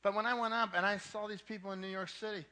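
A man's voice: high voice, steady tone, fast talker, pushed and bright. A man preaching a sermon to a young adult ministry, emphatic, with casual asides, and repeating his key points twice.

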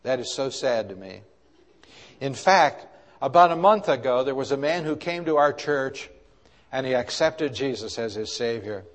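A man's voice: medium pitch, animated, normal speed. Man preaching in a reverberant church hall. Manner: preaching with rises and drops in loudness, asking the congregation questions. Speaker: pastor. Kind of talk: sermon.

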